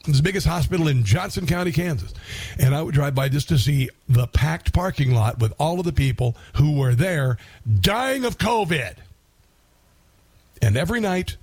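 A man's voice: on the high side, a little mellow, no echo. Combative sarcastic male talk show host. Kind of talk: opinionated talk radio monologue.

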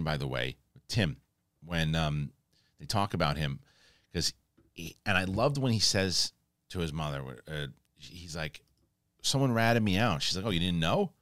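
Male host, very low voice, dry close mic; casual and animated, acts out quotes, stumbles and restarts. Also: measured pace, pauses often, no echo. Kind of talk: casual review recap.

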